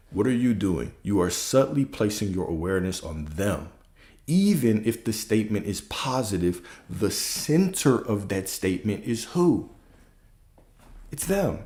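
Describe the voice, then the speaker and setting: A man with a low-set voice gives a motivational coaching talk straight to his viewers. His tone is warm and relaxed, yet he drives each point home by repeating lines and posing rhetorical questions.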